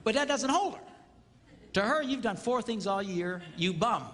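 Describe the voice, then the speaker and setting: Man, comedic seminar speaker, high lively voice, long hall reverb, faint ambience, playful. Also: moderate pace, background noise. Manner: animated, playful, acts out quotes with sound effects. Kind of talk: comedic live seminar talk. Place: large hall with live audience.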